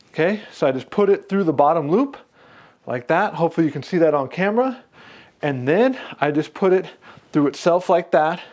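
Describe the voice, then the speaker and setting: A man demonstrating a punching bag while training, energetic, calling out strikes, a little out of breath. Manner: energetic, punctuates moves with 'boom' and 'pop'. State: slightly out of breath. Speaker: fitness instructor. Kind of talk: product demo while training.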